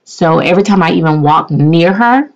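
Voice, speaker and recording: A woman's voice: on the low side, animated, normal speed. A woman chatting casually to her viewers in a gushing way, with lots of fillers. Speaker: doll collector vlogger. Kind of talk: casual chat. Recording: dull lo-fi sound.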